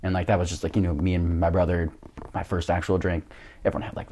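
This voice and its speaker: Grainy-voiced young man, low and rambling. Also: little pitch movement, quick pace, dark tone, slight background noise. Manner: rambling storyteller, many fillers and laughs. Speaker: guest, jiu-jitsu coach. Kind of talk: casual podcast chat.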